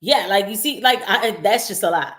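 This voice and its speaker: Animated, talkative woman commentator. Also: medium pitch, normal speed. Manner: animated and emphatic, laughs often, acts out quoted voices. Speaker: host commenting on the news. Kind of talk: casual live-stream commentary.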